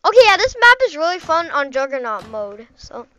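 A woman giving casual, excitable live commentary over her gameplay, rambling and chatty as she plays. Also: high voice, a little fast, lo-fi sound. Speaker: gaming channel host.

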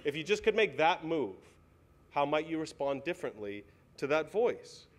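Male pastor, young adult, earnest pleading sermon voice, a bit high. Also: big pitch swings, normal speed. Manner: earnest, pleading, full of questions. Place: church sanctuary.

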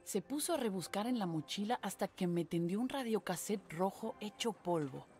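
Brief: a woman as a calm first-person game narrator, mid-pitched, steady telling. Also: fast, faint music behind, natural voice.

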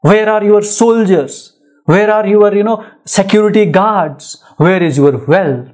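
A man lectures on a poem, pressing each point by repeating phrases and firing rhetorical questions. His voice sits a little higher than most men's. He explains the lines in a plain classroom manner. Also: unhurried, darkish tone. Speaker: literature lecturer. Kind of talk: poetry lecture mixing English and Hindi.

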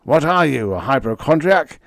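A man's voice: a little high, big pitch swings, normal speed, creaky, a bit bright, no room sound, clean studio sound, voice pushed up, heavily acted. A man voicing a hovering male wrestling manager who talks in a solicitous, clucking way. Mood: fretful.

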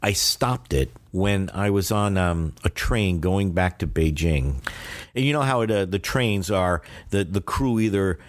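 A man's voice: sits low, a little slow. An older man, a guest on an interview podcast, telling long rambling stories with frequent restarts. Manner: rambling anecdotal storyteller with many restarts. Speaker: guest, Chinese teacher. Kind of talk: casual interview storytelling.

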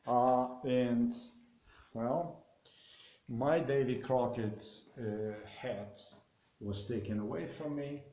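Slow, rambling, cursing man. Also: mid-range voice, warm tone. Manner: loose, profane, full of fillers and likes. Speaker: storyteller. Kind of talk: rambling personal anecdote. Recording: roomy with faint noise.

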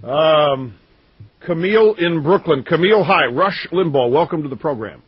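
A radio host man with a very husky, raspy voice that sits high for a man and moves up and down a lot. He talks back to callers in a flustered, stammering way, and the broadcast sound is muffled. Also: expressive, normal speed. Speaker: radio talk show host. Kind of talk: call-in radio talk.

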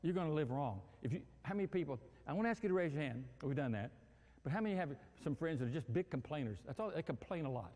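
Animated preacher man in an echoing hall. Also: fairly high pitch, fast. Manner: animated, acts out quarrels and phone calls with humor. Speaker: pastor. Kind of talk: sermon.

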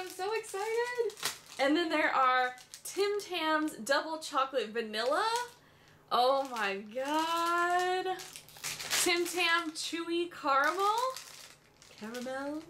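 A woman from the USA chatting through an excited unboxing at home, gushing with frequent gasps and exclamations. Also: high-pitched, a little hiss or hum. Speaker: beauty vlogger. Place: home room with her dog nearby.

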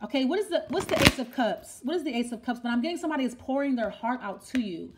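A woman's voice: high voice, expressive, quick pace, heavy background noise. A woman giving a tarot reading in a rambling monologue, thinking aloud, repeating herself and asking the cards questions. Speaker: tarot reader.

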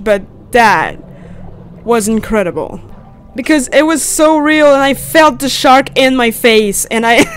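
A woman's voice: high voice, a little hiss or hum. A young woman hosting a gaming video, playing a VR game, screaming, swearing and laughing nervously as she plays. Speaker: gaming channel host. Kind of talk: let's play commentary.

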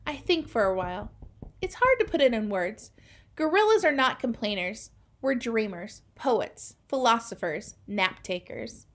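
Brief: calm woman narrator, a bit high-pitched, read-aloud novel. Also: measured pace. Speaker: reader. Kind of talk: reading a children's novel aloud.

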